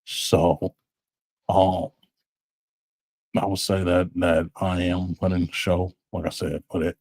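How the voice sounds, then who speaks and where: A man talking in a casual, thoughtful way on a podcast, pausing and restarting as he works through his thoughts. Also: low-pitched, husky, no room sound. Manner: thoughtful, halting. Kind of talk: casual reflective talk.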